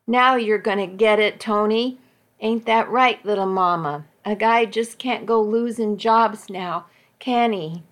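A woman's voice: mid-range voice, measured pace, close to an everyday voice. A woman voicing a crude drunk man who slurs and stumbles over his words in a spoken story. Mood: mocking. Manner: slurred, stumbling speech.

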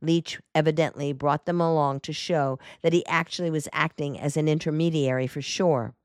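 A woman voicing a confident male lawyer in an audiobook, speaking briskly and assuredly. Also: low-pitched, fairly even intonation, clean tone, no echo, studio quality, natural voice.

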